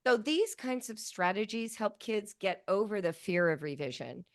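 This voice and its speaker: A woman in her fifties, a writing educator talking as a guest, who tells animated stories and acts out quoted lines. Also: mid-range voice, normal speed, dry recording, studio quality. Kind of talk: conversational interview.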